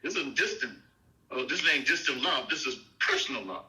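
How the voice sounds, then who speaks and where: Male minister, informal Bible teaching, emphatic and repetitive, bright tone. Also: mid-range voice, animated, normal speed, rough recording. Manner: emphatic, repeats "okay?" and "you see?".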